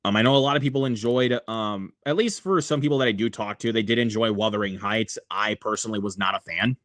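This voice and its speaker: A man's voice: lowish voice, quick pace, fairly bright tone, no room sound, studio quality. A man hosting a casual livestream, rambling with many fillers and reading viewer comments aloud. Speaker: livestream host.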